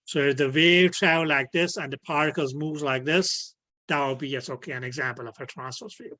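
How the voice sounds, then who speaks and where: A man's voice: fairly high pitch, a little fast, bright, forceful tone. Man teaching, peppered with "okay". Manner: repeats "okay" as filler, non-native grammar slips. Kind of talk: online physics lecture. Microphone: video call.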